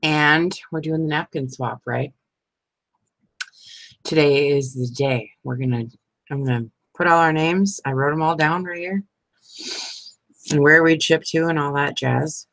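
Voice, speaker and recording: Middle-aged woman, low-pitched and sleepy, rambling friendly stream chat, dry room. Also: unhurried, long pauses, fairly bright tone, no room sound. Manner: chatty and rambling, many "you know what I mean". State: sleepy, yawning. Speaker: crafting channel host. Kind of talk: casual live-stream chat.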